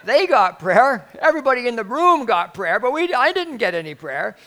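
A man putting on an indignant older woman who complains loudly in a raised, high-pitched voice. She sounds pushy and offended. The performer's own voice sits a little high for a man. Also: sing-song, moderate pace, low-quality recording.

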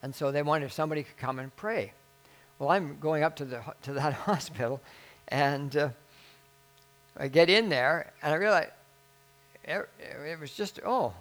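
A male pastor tells a story from the pulpit in a relaxed, conversational sermon style. He pokes fun at himself and slips into the voices of the people he describes. His voice sits a little high for a man. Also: moderate pace, pauses often. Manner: conversational, self-deprecating, acts out the people in his stories.

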